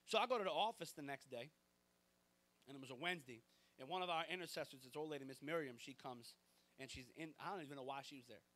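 A young man, a pastor telling a story in an animated, conversational sermon. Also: mid-range voice, fast.

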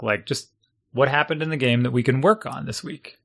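A middle-aged man who coaches a youth team, talking in a rambling, animated way and acting out what other people say to him. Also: medium pitch, moderate pace, gravelly. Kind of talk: casual conversation.

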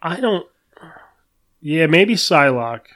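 Male podcast co-host, fairly high voice, laid-back musing, half-finished thoughts. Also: big pitch swings, takes it slowly, a bit bright. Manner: loose, musing, often trails off. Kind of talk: casual movie review chat.

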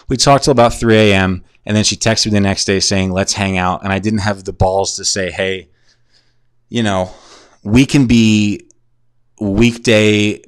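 A man's voice: deep voice, no echo, studio quality. A man in his twenties hosting a podcast from home, telling a crude, profane story in a rambling, digressive, self-mocking way while drunk and concussed. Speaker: podcast host. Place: at home in a shared house.

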